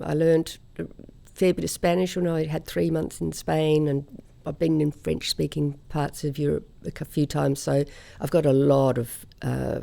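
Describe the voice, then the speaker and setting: A woman from Australia, a singer, telling stories in a relaxed interview chat. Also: low voice, creaky. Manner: chatty anecdotal storyteller, laughs often. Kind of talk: conversational interview storytelling.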